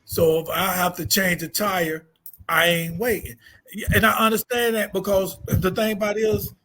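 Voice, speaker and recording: A man's voice: sits high, flat delivery, normal speed, bright, forceful tone. A man, a comedian co-hosting a casual podcast chat, talking bluntly with plenty of profanity and frequent laughter. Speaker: comedian and co-host.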